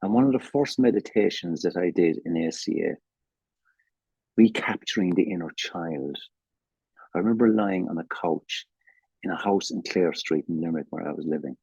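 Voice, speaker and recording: A man's voice: low voice, moderate pace, gravelly, darkish tone, breathy edge, no echo, lo-fi sound. An older man with an Irish accent gives a candid, emotional personal testimony at a recovery meeting, swearing freely, over a video call. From Ireland.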